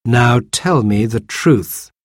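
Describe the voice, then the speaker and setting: A man's voice: medium pitch, lively intonation, dry recording, studio quality. A man doing a firm, caring mother. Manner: firm, brisk.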